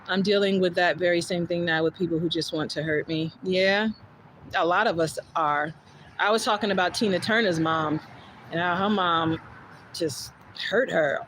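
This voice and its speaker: Jersey woman live streaming, cusses a lot, says it straight, lowish voice, faint hiss behind. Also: low-quality recording. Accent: New Jersey. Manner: blunt and candid, swears freely; animated, reads and answers viewer comments. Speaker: livestream host. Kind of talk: casual livestream chat.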